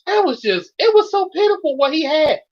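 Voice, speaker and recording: A man's voice: very high voice, wildly swooping pitch, extremely slow, gravelly, pushed and bright, highs cut off, voice pushed up, heavily acted. A man voicing an exasperated young teen girl who complains in a raised, fed-up voice.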